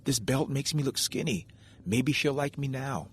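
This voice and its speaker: A man's voice: mid-range voice, expressive, moderate pace, a little hiss or hum, voice pushed up, lightly acted. A man voicing a shy, lovesick, chubby male beaver in a spoken folk tale, timid and eager. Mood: hopeful.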